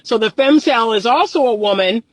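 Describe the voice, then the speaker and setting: A woman's voice: a little high, animated, normal speed, dry recording, rough recording. A woman relationship coach speaking straight to her viewers in an earnest, emphatic way, repeating her key phrases for weight. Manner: addresses viewers as "y'all". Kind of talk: direct-to-camera monologue.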